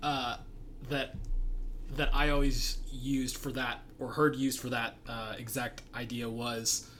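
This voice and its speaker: A man's voice: medium pitch, level tone, slow, a bit bright, slight background noise. A man hosting a podcast, talking earnestly and reflectively with frequent laughs. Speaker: podcast host. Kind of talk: casual podcast conversation.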